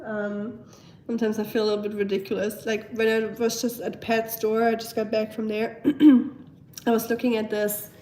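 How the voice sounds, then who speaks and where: A young German woman with a German accent, a bit hoarse from a cold, chatting casually on a home live stream, reading viewer comments and talking to her pets. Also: fairly high pitch, flat delivery, normal speed, warm tone, a little hiss or hum. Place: at home, indoors.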